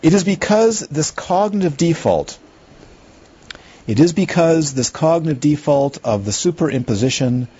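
A middle-aged man gives a Buddhist philosophy lecture, wandering off into asides and checking in with his listeners. His voice is mellow and a little husky. The recording is dull and lo-fi. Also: on the high side, expressive, normal speed. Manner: rambling, conversational, checks in with listeners. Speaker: Buddhist teacher. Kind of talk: lecture to a class.

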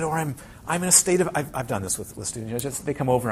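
A man's voice: fairly high pitch, rapid-fire, a little hiss or hum. A man teaching a Buddhist class to a room of students, asking them many questions and acting out little quotes. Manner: animated, asks the audience many questions, acts out quotes. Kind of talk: dharma talk to a class.

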